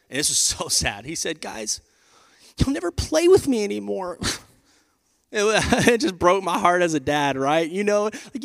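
Animated pastor in a reverberant hall. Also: male voice, on the high side. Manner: animated and conversational, addressing the crowd as y'all. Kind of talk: sermon. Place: large church auditorium. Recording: live hall with long reverb.

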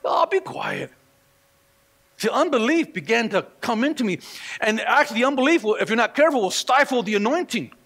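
A man's voice: very high-pitched, animated, fast, fairly bright tone. A man preaching a sermon as pastor, telling stories and acting out the voices of the people in them. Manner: storytelling preacher who acts out quoted voices. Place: church sanctuary. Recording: long reverb of a church hall.

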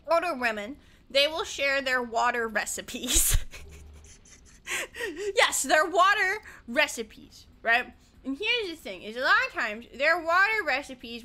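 A woman's voice: high voice, pushed and bright. A young woman from the American South chatting casually with her stream audience while she plays a game, swearing freely and yelping when the game startles her. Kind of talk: casual chat while gaming.

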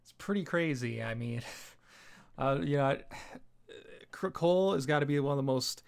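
A man's voice: mid-range voice, animated, moderate pace, gravelly, clean tone. A man giving a casual spoken review of a TV episode, rambling with lots of fillers. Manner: rambling, heavy with fillers like "you know" and "like".

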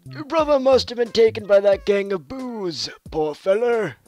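A man's voice: sits high, expressive, moderate pace, darkish tone, faint music behind, voice pushed up. A man voicing an eccentric old male scientist, reading a game's dialogue in a fussy, folksy old-timer way. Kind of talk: game dialogue read aloud.

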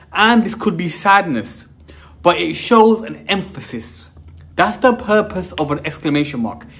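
A young man, a teacher, giving an energetic online lesson and saying "guys" in nearly every sentence. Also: a little high. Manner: energetic, says "guys" constantly. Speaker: English teacher.

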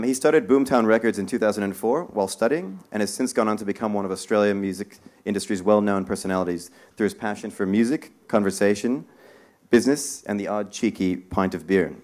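Man, lowish voice, panel moderator, easygoing, lots of ums. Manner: relaxed, hesitant with frequent fillers. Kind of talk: live event moderation. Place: live talk event in a bar venue.

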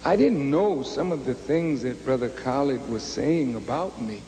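A religious leader giving a public address, measured, soft-spoken and grave. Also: male voice, medium pitch, expressive, slight background noise. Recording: long hall reverb on archive recording.

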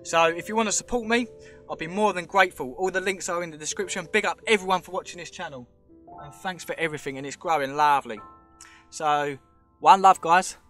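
Soft music plays as an English man vlogs casually and emphatically, addressing viewers directly and saying "mate" again and again. He sounds a little high, fairly bright, and slightly quick.

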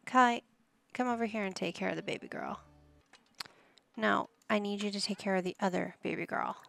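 With a gravelly, fairly bright voice at medium pitch, this woman talks at normal speed. Hosting a life-sim gameplay video for her gaming channel, she directs her characters like a patient parent and adds dry, mildly exasperated comments in a casual style.

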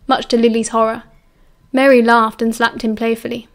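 A woman with a British accent reading a novel aloud as an audiobook narrator, in a measured, steady way. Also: fairly high pitch.

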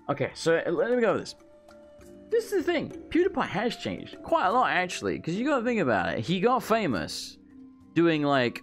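A man's voice: on the high side, huge pitch swings, fairly quick, soft background music. A man giving casual gameplay commentary, ranting and swearing freely. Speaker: let's play gamer.

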